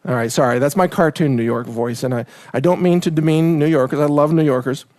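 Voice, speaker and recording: A man's voice: fairly high pitch, a little fast, darkish tone, no echo, studio quality. A man hosting a preparedness talk from Texas, casual, rambling and joking between tips. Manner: rambling, joking, self-promoting. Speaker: preparedness show host.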